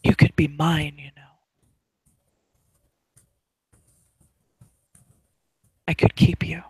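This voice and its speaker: A man whispers as a cruel woman who holds a captive and speaks to her with chilling softness. It is whispered role-play, soft and possessive, in a dry, close-sounding voice a touch above his usual pitch. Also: level tone, brisk, slightly rough, no room sound. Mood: menacing whisper. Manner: soft, menacingly affectionate whisper. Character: cruel, possessive female captor, coldly tender.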